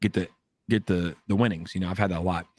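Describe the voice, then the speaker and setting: A man hosting a livestream from his home, chatting excitedly and repeating himself to rally the viewers. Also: sits low, fast talker, no echo. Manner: hyped, repetitive, shouts out chat. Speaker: livestream host. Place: home in Orange County.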